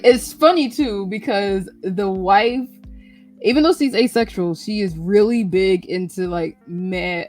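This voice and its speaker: Chatty woman host, lowish voice. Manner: animated, acts out characters' lines in quick bursts. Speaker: radio show host. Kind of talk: casual chat recapping manga.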